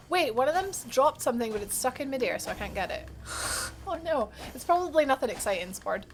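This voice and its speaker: A woman's voice: a little high, lively intonation, normal speed, a little hiss or hum. A young woman livestreaming a game, chatting casually and bubbly, answering her viewers by name and laughing often. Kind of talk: casual live gameplay commentary.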